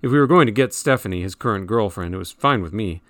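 Low-voiced male audiobook narrator. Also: expressive, fast, a bit bright, no room sound, studio quality.

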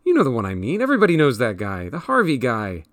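A man's voice: medium pitch, wildly swooping pitch, quick pace, no echo, voice pushed up. A man voicing a worldly, lecturing teenage older brother who explains everything in a slightly raised, dry-recorded voice. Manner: bossy, explaining.

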